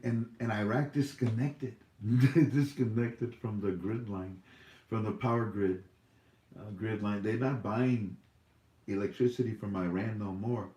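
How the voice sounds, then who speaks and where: Brief: male host, loose rambling delivery, quick to laugh, roomy echo. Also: lowish voice, a little mellow. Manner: rambling, joking, laughs often. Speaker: livestream host. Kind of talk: casual livestream Q&A.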